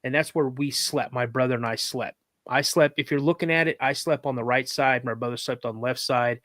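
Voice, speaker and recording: A man tells a long story in loose, casual talk, stumbling through restarts and fillers as he goes. His voice sits at an ordinary middle pitch. The recording is close and dry, with almost no room sound. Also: brisk, fairly bright tone, no room sound. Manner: rambling, with many restarts and fillers; acts out other people's lines in a raised voice. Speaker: podcast guest.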